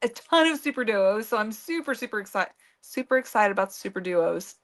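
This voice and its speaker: A woman's voice: medium pitch, expressive, brisk. A woman co-hosting a casual beading livestream, talking in a rambling way with many fillers and restarts. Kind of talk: casual chat.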